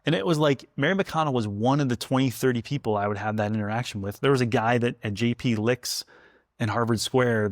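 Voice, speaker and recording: A man speaking as a food historian guest, telling anecdotes in a chatty, animated way. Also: medium pitch, no echo, clean studio sound. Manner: chatty storyteller, animated and laughing. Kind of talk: casual conversation.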